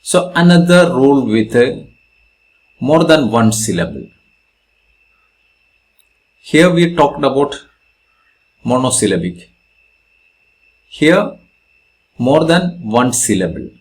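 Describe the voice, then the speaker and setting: A man with an Indian English accent teaching a grammar lesson, slowly repeating examples and stressing syllables. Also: mid-range voice, sing-song. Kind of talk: grammar lesson explaining spelling rules.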